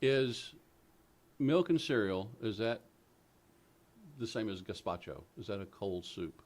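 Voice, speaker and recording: A man's voice: lowish voice, animated, a little slow, darkish tone. A man, co-hosting a casual political talk show in a folksy, joking, opinionated way.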